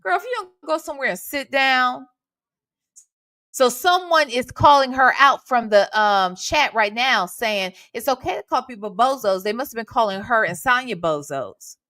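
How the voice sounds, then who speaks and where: Brief: animated woman host, dry close sound, loose casual chat with viewers. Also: fairly high pitch, normal speed, dry recording. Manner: chatty, talks to viewers, swears casually. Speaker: reaction channel host. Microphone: desk microphone.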